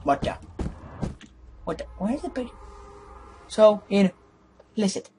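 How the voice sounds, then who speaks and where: A man's voice: high voice, expressive, slow, music in the background. A man commentating on a horror game, sarcastic and jokey, swearing now and then. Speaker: gaming video host.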